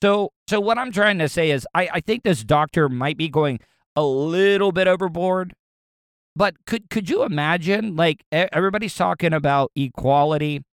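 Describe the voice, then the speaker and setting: An American man rants to his viewers in a rambling, profane monologue, often stammering and repeating words. His voice is on the high side and expressive, at a moderate pace, with a clear, resonant tone. The recording is studio quality with no room sound.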